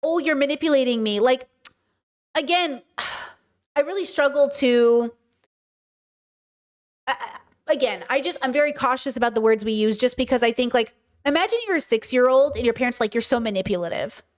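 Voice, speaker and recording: A woman's voice: sits high, normal speed, long pauses. A woman hosting a casual livestream, talking emphatically with rhetorical questions and answering her chat. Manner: many fillers and restarts, rhetorical questions. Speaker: streamer and podcast host.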